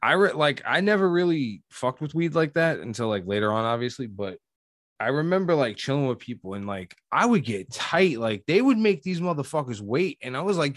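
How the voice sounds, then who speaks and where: A young man hosting a casual podcast, reacting with quick profane exclamations. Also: medium pitch, big pitch swings, a bit bright, dry recording. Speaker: podcast host.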